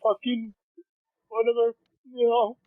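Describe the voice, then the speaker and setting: A man's voice: very high voice, monotone, unhurried, no echo. A man ranting angrily and swearing constantly, recorded off a phone call. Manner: angry, profane ranting. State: agitated. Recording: tinny phone-line recording.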